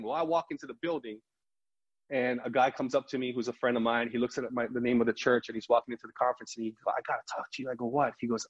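A man's voice: medium pitch, racing, breathy edge. A middle-aged man, a pastor, telling a story in a podcast interview and acting out the voices of the people in it. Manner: animated storyteller who acts out quoted dialogue. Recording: slightly muffled lo-fi recording.

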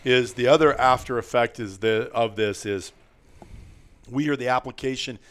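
A man's voice: medium pitch, moderate pace, fairly bright tone, clean tone. A man hosting a podcast in casual chat, rambling and chuckling, often restarting his sentences. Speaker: podcast host.

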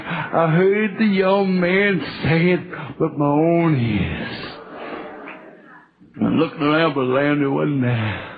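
A man preaching a testimony sermon with a Southern US accent, halting and repeating words, building to fervent shouts. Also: sits high, creaky. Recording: tinny phone-like lo-fi recording.

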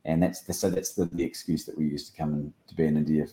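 An Australian man chatting as a guest, an animated storyteller who acts out quoted dialogue. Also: very deep voice, quick pace, roomy sound. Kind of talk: casual chat.

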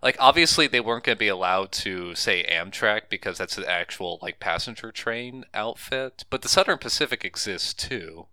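A man co-hosting a casual movie review chat, talking in rambling, animated bursts with frequent restarts. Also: fairly low pitch, normal speed, hardly any pauses, clear, resonant tone, no room sound. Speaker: podcast co-host.

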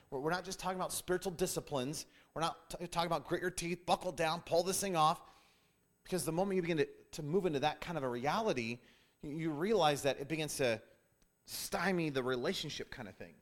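A man teaching a sermon-style Bible lesson, emphatic and repetitive, often restarting phrases. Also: on the high side.

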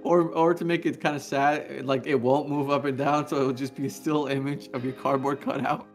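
A man's voice: medium pitch, level tone, normal speed, soft background music. A man co-hosting a podcast in casual chat, rambling and playful, laughing often. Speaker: podcast co-host.

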